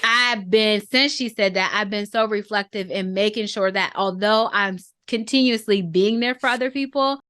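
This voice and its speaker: A woman's voice: medium pitch, smooth, no echo, studio quality. A woman in her thirties telling a personal family story in a podcast conversation, reflective and earnest, holding back emotion. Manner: reflective and earnest, often slows down to choose words; holding back emotion, softening at tender moments.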